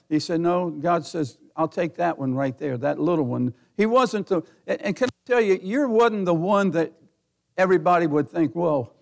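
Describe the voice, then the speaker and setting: Folksy high-voiced gravelly preacher. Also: male voice. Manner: folksy, laughs often, builds to near-shouting. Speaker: pastor. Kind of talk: sermon.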